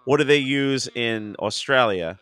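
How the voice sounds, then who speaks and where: Animated man with a bright, dry voice. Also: mid-range voice, unhurried, no echo. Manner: playful, slips into character voices. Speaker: guest voice actor. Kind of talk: casual podcast chat.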